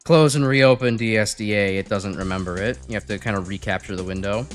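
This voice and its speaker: A man's voice: lowish voice, a little fast, soft background music. A young man streaming a game from home, chatting casually, rambling and swearing with lots of fillers. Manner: rambling, swears often, many fillers, laughs easily.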